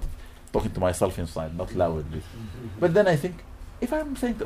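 A man's voice: medium pitch, fast talker, slight background noise. A man giving a sermon, reciting Arabic verses and explaining them in English, acting out little dialogues. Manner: animated, mixes Quranic Arabic recitation with English teaching, acts out dialogues. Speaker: preacher.

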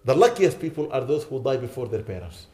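A man's voice: mid-range voice, big pitch swings, brisk, warm tone. A man giving an earnest sermon, pleading with his listeners and rising to indignant emphasis. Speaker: imam.

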